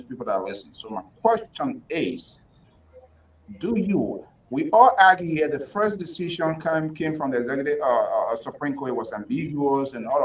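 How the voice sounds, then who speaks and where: A man's voice: medium pitch, far from the mic, a little hiss or hum, low-quality recording. A man hosting a political talk show, interrupting and pressing his guests hard for direct answers.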